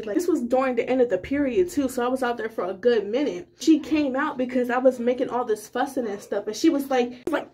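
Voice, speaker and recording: High-voiced young woman telling a rambling story. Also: moderate pace, hardly any pauses. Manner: rambling, filler-heavy, animated retelling. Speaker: vlogger. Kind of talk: casual storytime.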